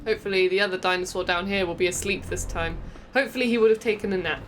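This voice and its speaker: A woman chatting through a video game playthrough, giggling and humming tunes under her breath. Her voice sits at an ordinary middle pitch, with faint noise behind it. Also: fairly even intonation, fast talker, fairly bright tone. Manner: chatty, giggly, hums while playing. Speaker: co-host of a gaming channel. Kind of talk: casual let's-play banter.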